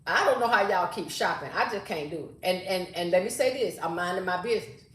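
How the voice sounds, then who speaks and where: A woman's voice: fairly low pitch, expressive, a little fast. An older woman, hosting a casual live stream and chatting sassily with viewers, reading their comments aloud. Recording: roomy echo.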